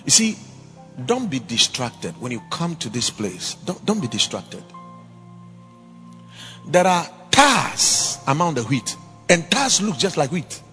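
A man preaching a sermon in church, emphatic, swinging between loud exhortations and quiet asides. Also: a little high, big pitch swings, takes it slowly, pauses often, in a large hall, faint music behind.

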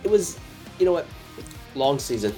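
A man's voice: on the high side, big pitch swings, normal speed, warm tone, soft background music. A man co-hosting a live podcast in an easygoing, joking way. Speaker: podcast co-host. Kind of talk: casual livestream chat.

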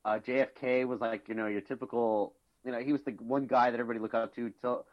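A man's voice: medium pitch, level tone, fast talker. A man co-hosting a podcast, rambling through casual chat with fillers, restarts and swearing. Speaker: podcast co-host. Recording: slightly dull lo-fi sound.

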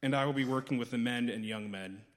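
A man's voice: medium pitch, quick pace. A man in his thirties from Minnesota, sincerely reading his testimony aloud in church. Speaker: church member sharing testimony. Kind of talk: read testimony.

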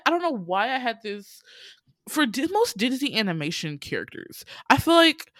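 A woman's voice: no room sound, studio quality. Sarcastic young woman recapping a film. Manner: expressive, laughing, sarcastic, acts out quotes in higher voices. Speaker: podcast host reviewing a film. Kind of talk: casual chat, animated retelling.

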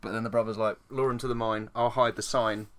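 A man's voice: on the low side, steady tone, fast, fairly bright tone. A man co-hosting a casual podcast, joking, swearing and laughing often. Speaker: podcast co-host. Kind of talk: casual chat.

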